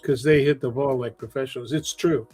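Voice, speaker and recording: A man's voice: medium pitch, steady tone, brisk, darkish tone, husky, no echo, faint music behind. A man in a casual talk show chat, reminiscing in an easygoing way.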